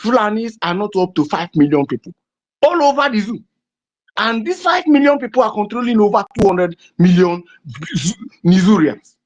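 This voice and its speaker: Fervent Nigerian man with a lively pitch. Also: normal speed. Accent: Nigerian English. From southeastern Nigeria. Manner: fervent, emphatic, repetitive rhetoric. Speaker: political activist. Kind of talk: impassioned political address. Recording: dull lo-fi recording.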